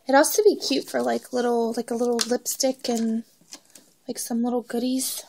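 A woman chatting excitedly as she unboxes crafting mail, filming on her phone at home, gushing over each item. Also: a little high, normal speed, vocal fry, background noise. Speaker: crafting vlogger. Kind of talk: casual unboxing chat.

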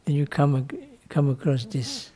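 Fairly high and mellow, his voice is very animated though a little slow. A Buddhist monk, he teaches dharma to students in loose, non-native English, with a playful manner full of "no?" tag questions and small laughs.

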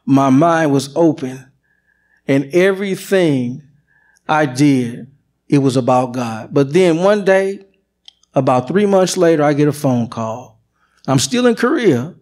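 A man's voice: a little high, animated, unhurried, a little mellow. A middle-aged man giving an earnest, emotional personal testimony at church. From United States.

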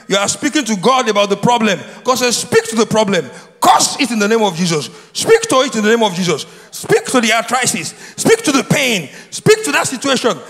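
High, lively preacher in an echoing hall. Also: male voice, fairly quick, hardly any pauses. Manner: repetitive, prompts congregation to answer. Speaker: pastor. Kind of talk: sermon with call and response. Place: church sanctuary. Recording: long hall reverb.

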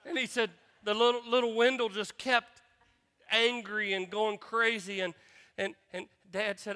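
A man's voice: sits high, flat delivery, a little slow, bright, forceful tone, smooth. A middle-aged male pastor preaching a sermon, emphatic and calling on the congregation to answer back. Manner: emphatic, asks the congregation to respond. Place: church sanctuary. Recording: long church reverb.

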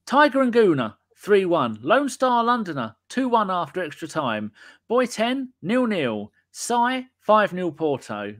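A man hosting a chatty podcast, his voice sitting a bit high and bouncing all over the place as he jokes. His banter is cheeky and often sweary. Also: sing-song, unhurried. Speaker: podcast host. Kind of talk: casual live-stream chat.

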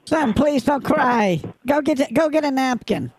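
A man's voice: extremely high pitch, expressive, a little slow, darkish tone, pitched above the performer's own voice. A man voicing a frail elderly grandmother in a prank phone call, fussy and scolding. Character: frail elderly grandmother scam-baiting victim.

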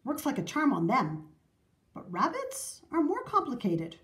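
A woman's voice: high-pitched, huge pitch swings, a little slow, full character voice. A woman voicing a grumpy, boastful male piper who talks down to others in a storybook. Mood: curt. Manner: dismissive, curt.

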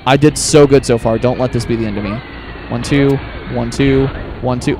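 A man hosting a gaming video, talking viewers through a boss fight in a chatty, excitable way. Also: medium pitch, moderate pace, a little hiss or hum. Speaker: gaming channel host. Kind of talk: let's play commentary.

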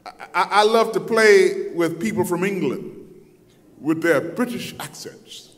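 A man preaching a sermon, telling the story dramatically and acting out voices, moving between loud, intense passages and soft asides. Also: high voice, measured pace. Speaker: pastor. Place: church sanctuary. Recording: long hall reverb.

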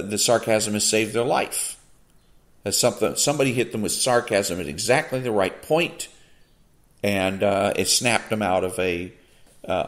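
A man with a lowish voice talks through his thoughts in solo commentary, pausing often and restarting his sentences. He reads a passage, then stops to push back on it in a plain, conversational way. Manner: unhurried, halting, many fillers and restarts. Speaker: podcast host. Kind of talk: solo commentary reading and reacting to a quote.

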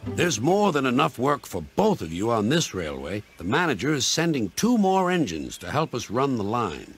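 A man's voice: mid-range voice, huge pitch swings, moderate pace, slightly rough, faint music behind, heavily acted. A man voicing a kindly male engine driver who talks in an encouraging way. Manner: kind, encouraging.

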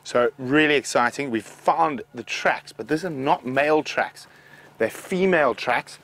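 A man's voice: medium pitch, unhurried, fairly bright tone. A man guiding on a live safari, eagerly explaining animal tracks as he searches outdoors. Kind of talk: live wildlife commentary. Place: outdoors in the bush.

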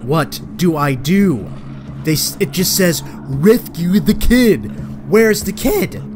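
Profane horror gamer yelling at the screen. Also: male voice, high-pitched, animated, slow pace, background noise. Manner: profane, talks back at the game, bursts into loud panicked yelps. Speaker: let's play gamer. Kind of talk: horror game commentary.

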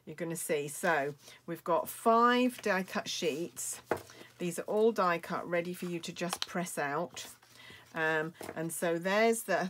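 A woman's voice: low-pitched, a little hiss or hum. A woman from the UK, a craft demonstrator, chatting casually and gushing about a card-making kit with many ums and restarts. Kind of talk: casual product show-and-tell.

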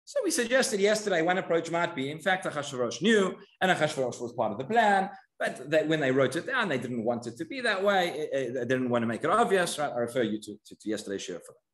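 Animated rabbi in an echoey synagogue. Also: male voice, fairly high pitch, fast, few pauses. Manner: animated storytelling, voices the characters' questions. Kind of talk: Torah class.

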